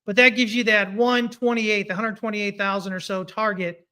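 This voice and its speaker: A man's voice: high-pitched, normal speed, clean tone. A man giving casual live-stream commentary on price charts, reading viewer comments as he goes. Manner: animated, talks through charts, reads viewer comments. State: hiccuping. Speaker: market analyst streaming chart analysis.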